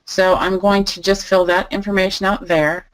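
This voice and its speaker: A woman teaching a live online lesson, calmly thinking aloud as she types through each step. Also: medium pitch, moderate pace, low-quality recording. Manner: relaxed, thinking aloud while typing. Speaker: online selling instructor. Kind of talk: live screen-share tutorial.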